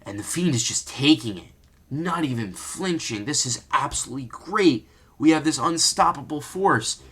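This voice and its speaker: A man's voice: on the high side, animated, moderate pace, sharp tone, slightly rough. A man giving an unscripted, exasperated rant as a vlogger recapping a wrestling match, full of rhetorical questions.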